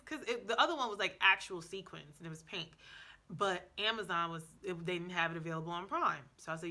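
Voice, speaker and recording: Sassy woman vlogger chatting to camera, bright voice, lots of ums and restarts. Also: medium pitch, animated, normal speed. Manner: chatty, sassy, talks straight to viewers with quoted asides. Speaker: language-learning vlogger. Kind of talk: casual to-camera vlog. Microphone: camera mic, indoors before a backdrop.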